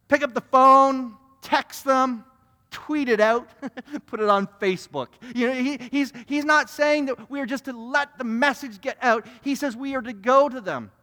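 Male pastor, high voice, sermon with repeated restarts, long church reverb. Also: moderate pace, bright, forceful tone. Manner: repetitive restarts, acting out little scenes. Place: church sanctuary.

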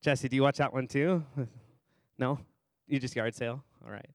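A man's voice: mid-range voice, fairly even intonation, normal speed, dry recording. A man preaching a sermon as pastor in a church service, chatty and conversational, quizzing the congregation by name and repeating phrases for emphasis.

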